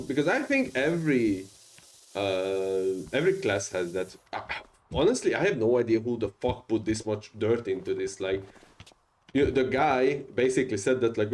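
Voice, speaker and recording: A man's voice: lowish voice, expressive, moderate pace, a little mellow, poor audio. A man with a strong non-native English accent, chatting casually and rambling with many fillers while streaming a game. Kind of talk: casual gaming stream chat.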